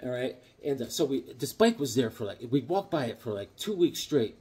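Lively middle-aged man telling stories. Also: mid-range voice, brisk. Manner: rambling, jokey, animated, acts out voices. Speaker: comic book collector host. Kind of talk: casual storytelling vlog.

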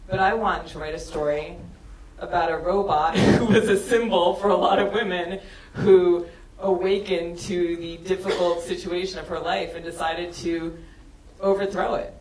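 A woman's voice: on the low side, steady tone, normal speed, a little mellow. A woman filmmaker speaking on a panel in a casual, chatty way, laughing often and filling her talk with fillers. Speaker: film director on a panel. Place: auditorium at a screening event. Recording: echoey hall from far off, faint noise.

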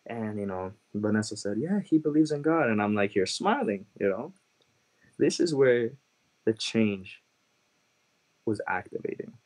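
A man from Chicago telling his conversion testimony as a guest, earnest and halting, with many "like" and "you know" fillers. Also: lowish voice, animated, darkish tone, low-quality recording. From Chicago, USA. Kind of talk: personal testimony storytelling.

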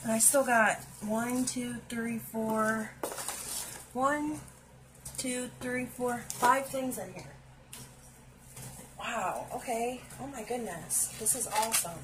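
Gushing over makeup she's unboxing, a woman on a stool at home exclaims often and talks directly to her viewers in a casual way. She speaks slowly in a voice on the high side, with background noise behind her.

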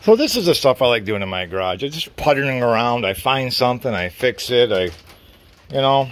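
A man's voice: mid-range voice, sing-song, fairly quick. A middle-aged man rambling casually in his home garage while working on tools, with mild cursing along the way, recorded on a phone. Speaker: garage vlogger. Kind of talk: casual workshop chat. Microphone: phone camera.

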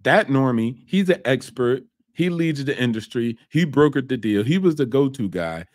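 A man rants through a reaction commentary, blunt and mocking, throwing in curse words as he goes. His voice sits at an ordinary pitch. It is recorded close and dry, with no room sound. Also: lively intonation, moderate pace, a little mellow, no echo. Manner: blunt, mocking, swears freely. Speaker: host reacting to a documentary.

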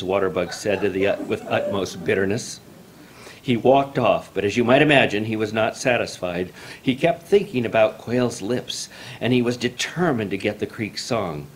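Low-voiced male storyteller. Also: animated, a little hiss or hum. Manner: measured, formal storytelling. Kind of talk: reading a folk tale aloud.

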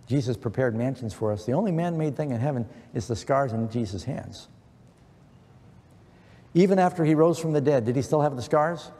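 A man's voice: mid-range voice, animated, moderate pace, long pauses, dark tone. A middle-aged man preaching an earnest sermon, quoting scripture with emphasis. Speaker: pastor. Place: church. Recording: long church reverb.

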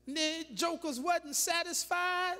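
A woman bishop delivers a lively, dramatic sermon, throwing rhetorical questions at her congregation. Her voice sits high and sounds bright and sharp. It rings out with a long reverb through a large church hall. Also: slow. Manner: animated, dramatic preaching with rhetorical questions and laughing asides. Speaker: bishop preaching.

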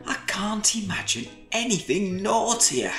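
A sweet, earnest little boy, voiced by a man talks in a raised, childlike voice. The voice is bright and lively. It rings in an echoey room. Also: high voice, unhurried, soft background music, pitched above the performer's own voice, full character voice.

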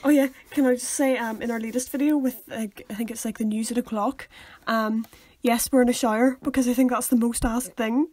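Young female podcast co-host, high-pitched, chatty and teasing. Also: fairly even intonation, fairly quick, hardly any pauses, darkish tone, no room sound. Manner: chatty, sets scenes and teases, laughing often. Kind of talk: casual chat.

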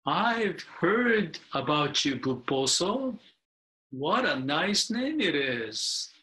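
An older man voicing a big, gentle male scops owl who speaks slowly, softly and reassuringly, while reading a picture book aloud. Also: on the high side, very animated, full character voice, poor audio. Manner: slow, soft and reassuring.

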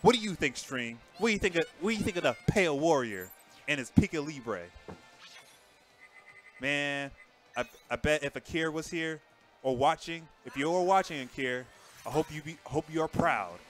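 With soft background music behind him, a man casually calls a fighting game tournament live at normal speed. He's excitable and talkative, bouncing between loud exclamations and low mutters.

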